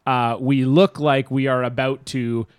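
A man's voice: medium pitch, level tone, unhurried, smooth, no echo, clean studio sound. A Canadian man co-hosting a podcast in casual, laughing chat. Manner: chatty, laughs often. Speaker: podcast co-host.

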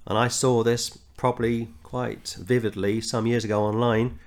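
An earnest middle-aged Englishman teaches scripture verse by verse at an ordinary mid-level pitch. He moves from reading the text with rising emphasis into plain, conversational stories from his street work. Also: level tone, normal speed. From England. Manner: earnest, reads scripture aloud with rising emphasis, tells anecdotes. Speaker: Bible teacher. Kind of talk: verse-by-verse Bible study.

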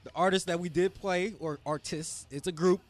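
A man's voice: high-pitched, fairly even intonation, moderate pace. A man hosting a casual studio talk show, joking and laughing often. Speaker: host.

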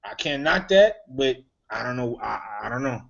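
A man's voice: medium pitch, lively intonation, normal speed, gravelly, a bit bright. A man co-hosting a casual chat, joking and using slang. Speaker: podcast co-host. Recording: dull lo-fi recording.

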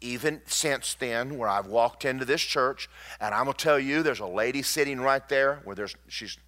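A man, a pastor telling stories in a sermon, emphatic and swinging between loud and hushed. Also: medium pitch, normal speed.

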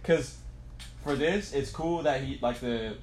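A man's voice: medium pitch, unhurried, darkish tone, slight background noise. A young man talking loosely with friends in casual chat, full of slang and filler words.

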